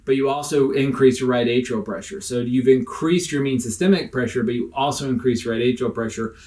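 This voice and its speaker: A man's voice: medium pitch, a little mellow. A man explaining critical care medicine in a recorded lecture over slides, casual and explanatory, with frequent fillers.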